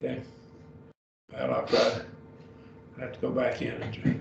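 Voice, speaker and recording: With a sing-song, medium-pitched voice touched by vocal fry, a man patiently guides a beginner Greek class over video, slowly repeating each word. A faint hiss runs through the dull, roomy, distant-sounding recording.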